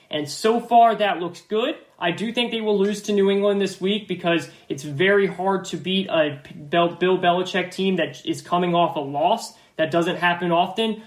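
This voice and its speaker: A man's voice: high-pitched, echoey room. A man hosting a football podcast, giving confident, emphatic opinions and often repeating his phrases. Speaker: podcast host. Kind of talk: sports podcast analysis.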